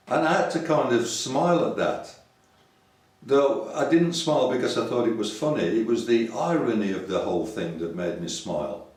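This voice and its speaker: Low-voiced older Yorkshire man preaching. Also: animated, moderate pace. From Yorkshire, England. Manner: rambling, conversational, hesitant. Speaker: website preacher. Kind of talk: casual sermon to camera. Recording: echoey room from far off.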